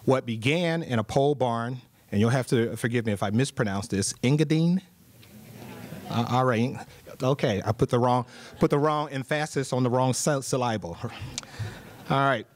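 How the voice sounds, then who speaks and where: A government official giving a formal award speech, upbeat, reading prepared remarks with small asides. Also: male voice, mid-range voice, a little fast, a little hiss or hum. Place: conference hall.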